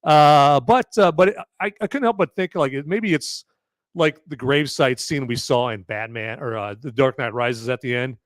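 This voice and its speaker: A man's voice: medium pitch, moderate pace, no room sound. A man hosting a live film-review podcast, chatting casually in a rambling, jokey way with some swearing. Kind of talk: casual live-stream chat.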